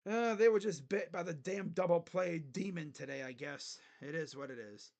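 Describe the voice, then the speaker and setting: High-voiced grumbling male sports streamer. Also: normal speed, a little mellow. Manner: grumbling, sarcastic, swears casually. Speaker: sports livestream host. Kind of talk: casual livestream chat. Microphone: desk microphone.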